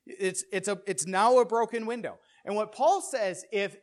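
A preacher gives a conversational sermon, repeatedly checking in with "right?" and rhetorical questions, and restarting phrases to drive a point home. His medium-pitched voice has lively intonation at a moderate pace with hardly any pauses, and his speed and loudness rise and fall for emphasis.

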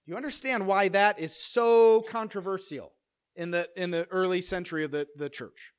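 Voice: mid-range voice, moderate pace, clean tone. A preacher giving a conversational sermon who keeps asking the listeners "right?" and restarts phrases to press a point. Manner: keeps checking in with "right?" and rhetorical questions; pace and loudness rise and fall for emphasis.

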